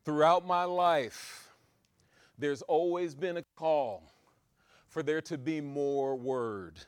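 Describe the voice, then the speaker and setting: A man preaching a sermon, swinging between loud exhortation and quiet asides, driving his points home with repeated rhetorical questions. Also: fairly high pitch, slow, clean tone, dry recording, studio quality.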